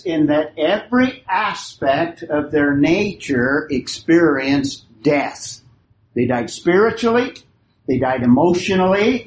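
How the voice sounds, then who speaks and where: A man teaching a Bible class, who asks his group questions, repeats their answers and leans hard on key phrases. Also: on the high side. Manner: emphatic, stretches key phrases. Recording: roomy hall recording, faint hiss.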